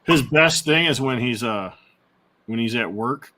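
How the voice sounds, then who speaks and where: A man in casual chat, telling stories in a relaxed way with plenty of restarts. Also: medium pitch, a little slow. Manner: relaxed storytelling with fillers and restarts. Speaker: co-host.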